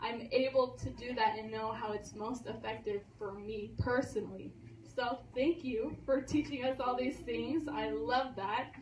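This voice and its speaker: A young woman with a fairly high voice gives an earnest graduation speech, stumbling over a few restarts. She is heard from a distance in an echoing room, with a faint hiss underneath. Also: a little slow, a little mellow. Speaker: graduating student.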